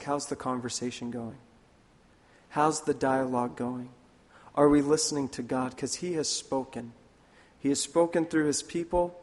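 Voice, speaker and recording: A man preaching a sermon in an earnest way, slipping into lively voices when he tells a story. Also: mid-range voice. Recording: long hall reverb.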